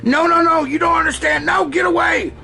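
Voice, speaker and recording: A man doing a high, frantic, shouting voice for a panicked young man as he jokingly dubs an old silent film. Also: fairly even intonation, brisk, creaky, faint music behind, full character voice.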